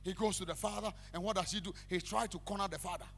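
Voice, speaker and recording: A man preaching a sermon, animated, breaking into shouted sing-song calls to the congregation. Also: sits high, fast talker. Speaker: pastor. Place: church hall. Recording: echoey church hall with faint hum.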